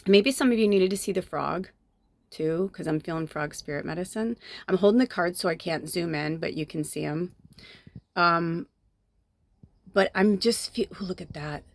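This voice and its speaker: A fairly low-pitched woman speaks at normal speed in a dry recording. She's a tarot reader and medium from Chicago's south suburbs, chatty and easily sidetracked, often lowering her spiritual card reading to a whisper.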